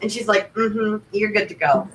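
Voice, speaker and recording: A woman from Vermont, a livestream guest, telling rambling stories in a chatty, animated way. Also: mid-range voice, moderate pace. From Vermont, United States. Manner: chatty, rambling, breathless anecdotes with quoted asides. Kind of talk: casual chat, animated storytelling. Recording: distant mic, faint background noise.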